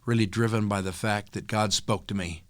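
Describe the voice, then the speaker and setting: An older man with a fairly low voice speaks as a podcast guest. He tells his story in an earnest, thoughtful way, pausing often with small fillers, and the recording is dry and close. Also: steady tone, fairly bright tone, no room sound. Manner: earnest, reflective, with frequent filler pauses. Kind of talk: storytelling interview.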